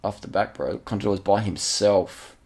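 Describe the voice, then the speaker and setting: Talking over race clips at a moderate pace, this male channel host has a deep, rough voice and an easygoing, excited manner. His speech is repetitive and peppered with slang and offhand curses, like banter with a mate.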